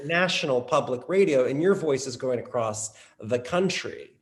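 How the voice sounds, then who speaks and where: A man's voice: medium pitch, animated, normal speed, reverberant. A man interviewing a guest, asking long, rambling questions with many restarts and self-corrections, and laughing often. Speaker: interviewer, college teacher.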